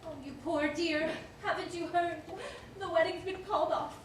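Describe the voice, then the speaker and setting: A woman's voice: very high voice, steady tone, normal speed. A woman playing a flighty young bride, a melodramatic showgirl, in musical theatre style, dramatic and gushing. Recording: echoey distant stage recording, loud noise.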